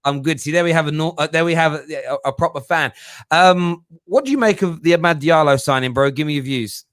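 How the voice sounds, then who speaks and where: Man, host, call-in show, chatty, joking, fairly high voice. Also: brisk, a bit bright, smooth, dry recording, studio quality. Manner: chatty, laughs easily, calls callers bro and mate.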